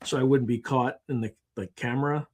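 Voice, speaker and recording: In a conversational interview, this podcast guest talks a little fast in a mid-range voice. He's an animated storyteller who performs the lines of the people in his anecdotes.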